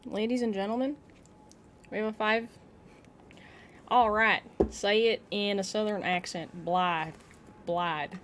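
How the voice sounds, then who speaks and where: A woman streamer chatting casually with her viewers while playing, excitable and giggly. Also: mid-range voice, a little slow, long pauses, background noise. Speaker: game streamer. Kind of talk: casual live-stream chat.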